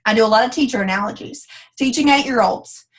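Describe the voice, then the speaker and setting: A woman's voice: on the high side, fast talker. A woman leading a motivational team call, emphatic and folksy, blunt and down-to-earth as she coaches her team. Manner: emphatic, acts out quoted voices. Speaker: team leader coaching sales ambassadors.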